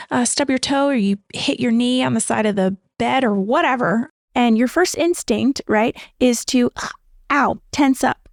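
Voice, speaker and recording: A woman's voice: a little high, vocal fry, no room sound, studio quality. An American woman in her thirties hosting a podcast, talking casually and encouragingly with frequent fillers and laughs. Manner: chatty, encouraging, laughs often, many fillers. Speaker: podcast host, labor nurse. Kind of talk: casual instructional podcast talk.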